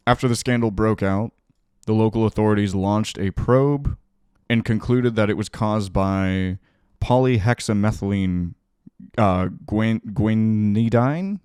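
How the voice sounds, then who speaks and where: A man's voice: fairly low pitch, darkish tone, clean tone, no room sound, studio quality. A male streamer giving casual reaction commentary while reading articles aloud, with sarcastic, profane asides.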